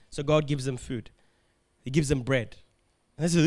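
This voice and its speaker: A man preaching a sermon as pastor, animated and laughing often as he acts out the complaints of the figures he talks about. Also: medium pitch, normal speed, long pauses.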